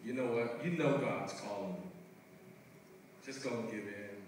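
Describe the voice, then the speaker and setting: A man giving a lively, conversational testimony in a large church hall, heard from a distant mic. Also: lowish voice, unhurried, slight background noise. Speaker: guest speaker.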